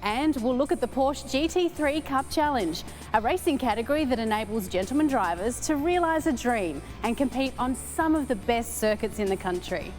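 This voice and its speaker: A woman's voice: fairly high pitch, normal speed, few pauses, soft background music. Poised woman hosting a motorsport show. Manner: poised, even delivery. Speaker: show host. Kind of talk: scripted presenting and interviewing.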